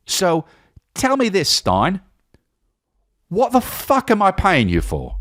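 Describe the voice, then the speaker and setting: A man's voice: sits high, huge pitch swings, slow pace, fairly bright tone, pitched above the performer's own voice, exaggerated voice. A man doing an indignant veteran actor, profane. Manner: profane, indignant, hums a tune mid-rant. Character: aggrieved veteran male film actor, ranting at his agent. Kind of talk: comedic impression.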